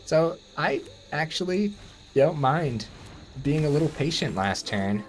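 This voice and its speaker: A man giving casual gameplay commentary, thinking aloud and breaking into excited outbursts. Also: on the high side, measured pace.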